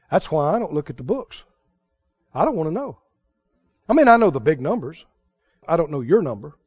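A man preaching a sermon as pastor, fervent, with sudden bursts of loud praise. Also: fairly high pitch, very animated, a little fast, long pauses, breathy edge, no echo, highs cut off.

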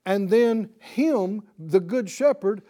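A man's voice: high voice, takes it slowly. A man preaching a sermon to a live audience. He talks animatedly and keeps asking the listeners questions to draw out their replies. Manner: animated, asks the audience questions for call-and-response. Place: teaching before a live audience.

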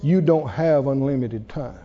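A man's voice: medium pitch, measured pace, warm tone. A man preaching a sermon to his congregation, calling for responses and laughing often. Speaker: pastor. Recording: dull echoey hall recording.

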